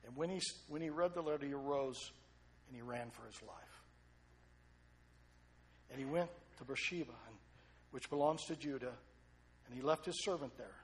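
A middle-aged male pastor preaching a sermon, swinging between loud excited storytelling and quiet, low asides. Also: normal speed, long pauses.

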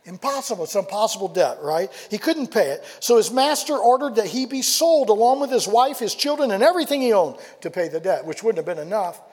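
Male pastor, high husky voice, animated sermon delivery with rhetorical questions; long hall reverb. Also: a little fast, hardly any pauses. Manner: animated storytelling, rhetorical questions, drops to quiet emphasis.

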